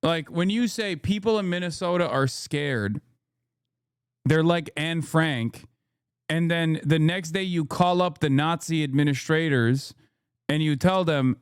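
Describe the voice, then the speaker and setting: A man's voice: on the high side, unhurried, smooth, no room sound, studio quality. A man streaming as a commentator, reacting to news clips in heated, sarcastic rants and mocking impressions.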